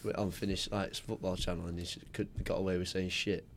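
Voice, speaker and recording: A man's voice: low voice, flat delivery, fast, creaky. A young English man co-hosting a podcast, chatting loosely and agreeably with his friends. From England. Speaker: podcast co-host. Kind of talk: casual chat.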